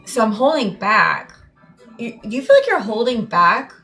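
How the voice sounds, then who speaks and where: A woman's voice: fairly high pitch, sing-song, measured pace, pushed and bright, faint music behind. Meandering woman doing a tarot reading. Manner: meandering, repetitive, heartfelt. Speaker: tarot reader.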